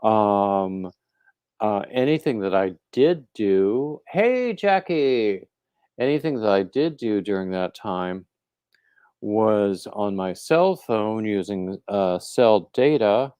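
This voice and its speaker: A man hosting a casual crochet livestream, rambling and halting, with plenty of fillers and restarts, and greeting viewers by name as they arrive. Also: fairly low pitch, lively intonation, mellow, clear, resonant tone, dry recording. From coastal North Carolina.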